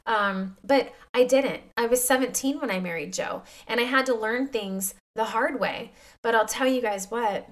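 A woman in her thirties hosts a faith-based podcast, speaking to her listeners in a heartfelt, confiding, emotional way. Her mid-range voice has a fairly bright tone.

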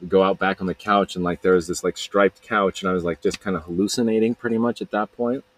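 A man's voice: low-pitched, steady tone, fast talker, poor audio. A man hosting a podcast, telling a rambling personal story in a casual way, laughing often and acting out what others said. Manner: rambling, laughing, repeats himself, acts out others' lines. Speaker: podcast host. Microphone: close podcast mic.

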